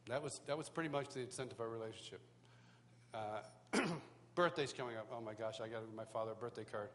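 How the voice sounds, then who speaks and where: There's slight background noise as a middle-aged worship teacher tells his life story in a sermon at a live church worship school. His voice is medium-pitched, fast and a bit bright, and he uses self-deprecating humor while acting out the voices of those he quotes.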